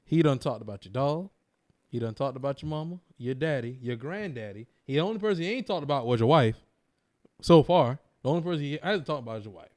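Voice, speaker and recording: A man's voice: medium pitch, animated, fast, darkish tone. A man co-hosting a casual podcast, ranting emphatically and repeating slang for emphasis. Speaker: co-host.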